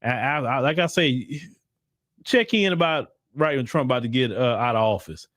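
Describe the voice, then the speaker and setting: An American commentary host with a mid-range, fairly bright voice talks at a moderate pace but stays animated. Recorded at studio quality without room sound, he offers blunt, emphatic opinions in slang, repeating himself often for emphasis.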